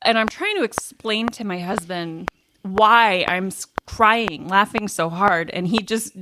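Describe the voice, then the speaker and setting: A woman's voice: mid-range voice, a little slow. Giggly woman telling a story, noisy recording. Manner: giggly, laughs through her words. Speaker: podcast co-host. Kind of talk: casual chat, storytelling.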